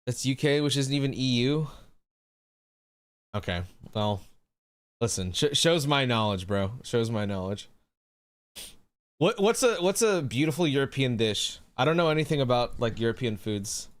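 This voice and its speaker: A male streamer chatting casually with his viewers in a relaxed way. He swears freely and calls people bro. His voice sits at an ordinary middle pitch for a man. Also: normal speed, pauses often. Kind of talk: casual chat with a live audience.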